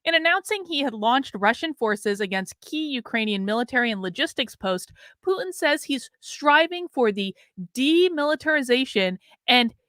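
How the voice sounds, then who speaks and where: A fairly high-voiced woman hosts a commentary livestream, reading news and chat messages aloud. Her remarks turn sharply sarcastic. The sound is dry and close, with no room echo. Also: a bit bright. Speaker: livestream host.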